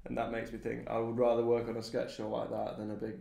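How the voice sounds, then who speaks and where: A man's voice: mid-range voice, completely flat delivery, quick pace, vocal fry, mellow, echoey room. A young man hosting a casual chat, full of crude, laughing banter. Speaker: host.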